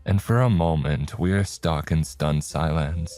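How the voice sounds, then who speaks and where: A man narrating a scripted horror story in a slow, measured way. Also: extremely low pitch, darkish tone. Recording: faint background music.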